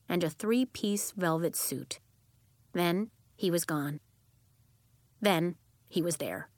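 A woman's voice: dry recording, studio quality. A woman reading a children's chapter book aloud as narrator, giving the characters their own voices. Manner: acts out children's voices with lively pitch jumps. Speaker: audiobook narrator. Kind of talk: scripted storybook narration.

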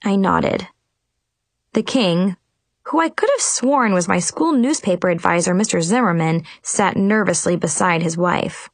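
A woman's voice: fairly low pitch, measured pace, no room sound. A woman narrating a storybook expressively in first person.

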